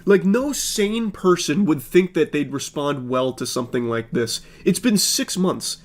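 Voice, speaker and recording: A man giving sarcastic commentary on messages he reads out, with a deadpan, mocking delivery. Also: a little high, unhurried.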